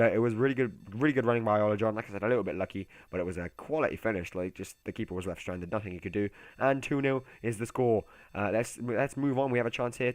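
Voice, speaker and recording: A young man giving casual, chatty commentary over a football video game, excitable and given to muttered asides. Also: lowish voice, no room sound. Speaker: gaming YouTuber.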